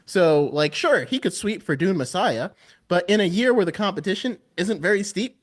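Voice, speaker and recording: A man's voice: sits high, moderate pace. A man hosting a casual podcast chat about the Oscars, telling stories with animation and frequent laughter. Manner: animated storytelling, laughs often. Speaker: podcast host.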